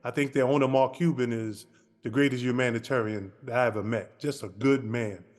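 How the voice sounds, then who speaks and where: A man co-hosting a podcast, telling a lively basketball anecdote and acting out the dialogue. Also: mid-range voice, a little fast, long reverb tail. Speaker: podcast co-host. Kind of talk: casual storytelling.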